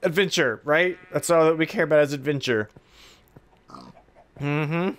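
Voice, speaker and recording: Speaking at a measured pace in a medium pitch, this gamer narrates a let's-play in a relaxed way. Between bits of humming and playful chatter to his pet pig, he turns excitable and lets out alarmed squeals and gasps.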